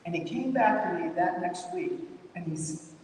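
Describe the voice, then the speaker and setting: A pastor with a high voice preaches to his church in a loose, chatty way, circling back on his words. The sound is taken from far off and rings through a large, echoing sanctuary. A faint rumble runs underneath. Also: lively intonation, moderate pace, darkish tone. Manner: conversational, repeats himself, lots of "you know" and "maybe". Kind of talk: sermon.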